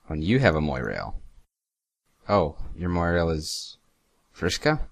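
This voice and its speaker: A young man with a very low voice talks sarcastically through a reaction video. He swears casually and stumbles as he reads lines aloud. The sound is dry and close, with no room around it. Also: huge pitch swings, takes it slowly, gravelly, no room sound.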